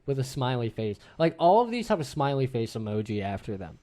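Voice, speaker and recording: A man's voice: fairly quick, few pauses. Man reading a chat log with laughs. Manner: laughs while reading, drops low and flat for the chatbot's lines. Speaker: podcast host. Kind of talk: casual chat, reading a chatbot transcript aloud.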